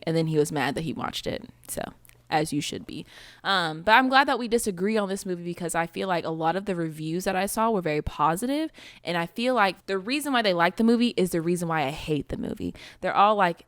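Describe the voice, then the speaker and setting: A woman's voice: lowish voice, fairly bright tone, dry recording, studio quality. A young woman co-hosting a casual podcast chat, blunt and laughing often as she swears through her opinions. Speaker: podcast co-host.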